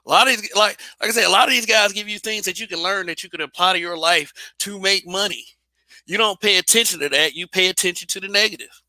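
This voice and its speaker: A man holds forth alone in a blunt, casual monologue, swearing freely and tripping over restarts. His voice sits a little high and rings very bright, and the recording is dry and close. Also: fast talker, no room sound. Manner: blunt, repetitive restarts, profane. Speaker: channel host.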